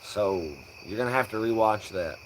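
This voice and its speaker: A man's voice: lowish voice, normal speed, noisy background. A young man hosting a live stream, joking around loosely and swearing in casual banter. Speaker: livestream host. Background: crickets.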